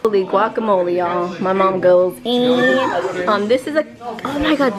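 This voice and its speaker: A young adult woman chatting casually for a family vlog, animated and giggly, slipping Spanish words into her talk. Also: mid-range voice, slow pace, a crowd in the background. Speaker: vlogger. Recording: noisy handheld camera audio.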